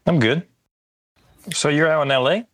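A man's voice: on the high side, moderate pace, fairly bright tone. A man hosting an arts podcast, asking questions in an easygoing, slightly rambling way. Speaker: podcast host. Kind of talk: casual interview questions.

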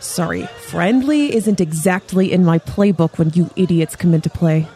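A woman acting in an audio drama, curt, sharp and protective. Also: on the low side, animated, normal speed, slightly rough, faint music behind.

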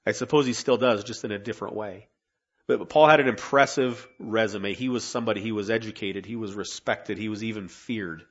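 A man's voice: lowish voice, a little fast, breathy edge, lo-fi sound. A man preaching a sermon to his church in an earnest, conversational way, often restarting phrases and asking rhetorical questions. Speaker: pastor. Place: church sanctuary.

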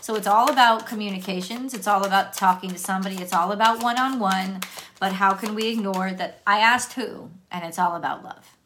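A woman's voice: medium pitch, fairly quick, a bit bright, a little hiss or hum. Chatty woman reading tarot. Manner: chatty, laughs, restarts often. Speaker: tarot reader.

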